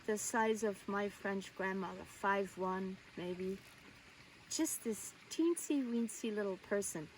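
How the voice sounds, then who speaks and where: A woman telling a personal childhood story in a wistful, animated way. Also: mid-range voice. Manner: wistful, animated, laughs as she recalls. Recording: distant mic, faint ambient noise.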